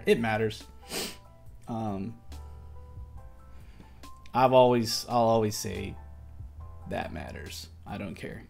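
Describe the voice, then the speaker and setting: A fairly low, gravelly male voice belongs to a tired crypto stream host yawning through a casual market review livestream. He talks loosely and slangily, rambling and correcting himself as he restarts sentences.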